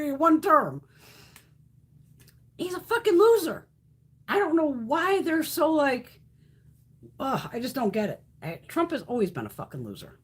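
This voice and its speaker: A woman's voice: high-pitched, wildly swooping pitch, measured pace, long pauses. A woman hosting a casual live stream, ranting bluntly and profanely, reacting to chat comments as she goes. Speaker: beauty livestream host.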